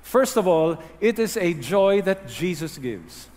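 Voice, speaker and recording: Very animated yet unhurried, a man delivers an earnest teaching sermon as a pastor, his voice somewhat high. To press important words home he sinks low and soft, while the big hall adds a lengthy echo.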